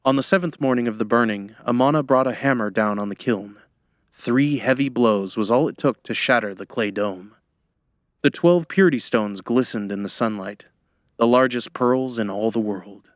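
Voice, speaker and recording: A man narrating a fantasy audiobook in a measured storytelling manner, close to the microphone. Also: mid-range voice, no echo. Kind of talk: scripted narration.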